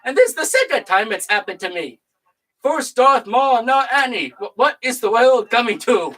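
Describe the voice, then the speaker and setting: A speaker voicing a drunk, crude male space knight with a slow, boozy drawl. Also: medium pitch, big pitch swings, fairly bright tone, low-quality recording. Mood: grumbling.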